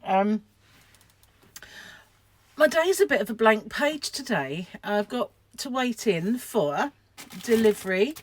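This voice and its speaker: A woman's voice: a little high, lively intonation, slow, long pauses, a little hiss or hum. An older woman from England chatting to camera in a rambling, self-deprecating way, laughing often. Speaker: vlogger, craft shop owner. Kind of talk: casual chat to camera.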